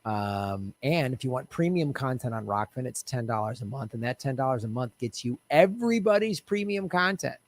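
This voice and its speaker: A man's voice: medium pitch, expressive, moderate pace, few pauses. A man hosting a solo political commentary livestream, ranting in an exasperated way, swearing freely and chatting asides to his viewers.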